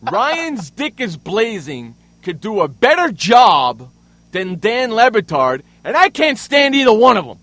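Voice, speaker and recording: A man hosting a sports radio show, ranting angrily and loudly with plenty of profanity. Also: high voice, very animated, unhurried. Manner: loud, angry, profane ranting. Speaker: radio host. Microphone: studio microphone.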